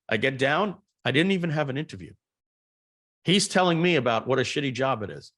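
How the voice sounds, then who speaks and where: A middle-aged man, a guest on a podcast, telling stories in an animated, rambling way and often repeating words. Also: mid-range voice, brisk. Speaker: guest entrepreneur. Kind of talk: podcast interview storytelling.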